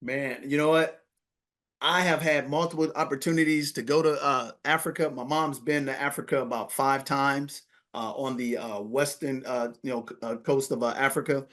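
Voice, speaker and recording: Man, podcast guest, lively storyteller, acts out dialogue. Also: mid-range voice, normal speed. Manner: animated storyteller acting out dialogue. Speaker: podcast guest, money coach. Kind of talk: storytelling interview.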